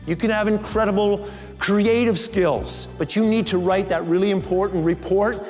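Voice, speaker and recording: A man's voice: high-pitched, moderate pace. A middle-aged man telling a story as a motivational keynote speaker and acting out the lines he quotes. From Canada. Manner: animated, acts out the lines he quotes. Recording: reverberant hall with faint music.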